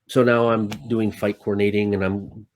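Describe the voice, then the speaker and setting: Animated, swearing man telling stories. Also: on the low side, moderate pace, dry recording. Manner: animated, swears often, acts out his own lines. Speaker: stuntman guest. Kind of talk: casual storytelling.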